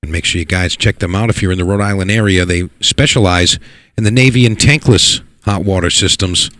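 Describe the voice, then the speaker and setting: A man giving live play-by-play commentary on a pool match, excitable and repeating words for emphasis. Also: sits low, a little fast, dry recording, clean studio sound. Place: pool hall.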